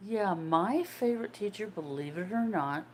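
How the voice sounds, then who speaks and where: A woman's voice: mid-range voice, animated, moderate pace, slight background noise. A woman in her sixties hosting a casual livestream, chatting and greeting viewers' comments as they come in. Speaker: livestream host.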